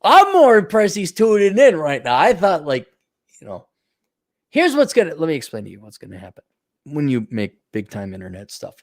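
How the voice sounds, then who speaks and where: A man's voice: on the high side, wildly swooping pitch, normal speed, no room sound, studio quality. A middle-aged man, rambling and mocking as he chats casually with viewers on a livestream. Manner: rambling, mocking, jumps into loud mock voices. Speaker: livestream host.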